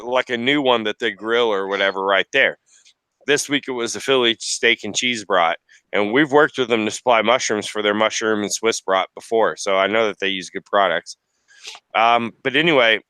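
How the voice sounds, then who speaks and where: A man's voice: mid-range voice, fairly quick, sharp tone, clean tone, no echo, rough recording. A man chatting casually on a podcast about his work as a market vendor, rambling and swearing freely. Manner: chatty, profane, rambling with fillers.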